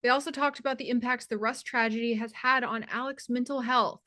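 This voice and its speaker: A woman narrating a scripted entertainment news voice-over in a crisp, informative way. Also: a little high, steady tone, brisk, bright, forceful tone.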